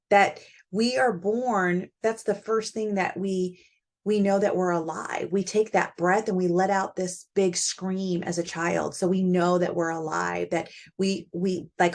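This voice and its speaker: A woman's voice: lowish voice, steady tone, unhurried. Woman hosting a reflective parenting talk. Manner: warm conversational, thinking aloud with fillers. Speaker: podcast host.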